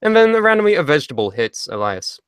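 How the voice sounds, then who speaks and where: A man's voice: on the high side, very animated, fast, fairly bright tone, clear, resonant tone, no echo, clean studio sound. A man co-hosting a wrestling podcast, talking sarcastically and swearing freely. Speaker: podcast co-host. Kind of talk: casual wrestling podcast chat.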